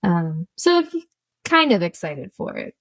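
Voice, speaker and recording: A woman's voice: lowish voice, huge pitch swings, takes it slowly, gravelly, no echo. A woman co-hosting a podcast in casual chat, talkative and laughing often, drifting into tangents. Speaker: podcast co-host.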